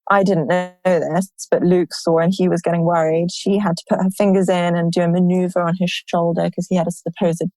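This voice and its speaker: A woman with a lowish voice tells her own story in a candid, lively way, often stopping on "like" between phrases. The sound is dry and close, with no echo from the room. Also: a little fast, few pauses. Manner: candid, animated retelling, many "like" fillers. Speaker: guest sharing her birth story. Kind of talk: personal storytelling in a conversation.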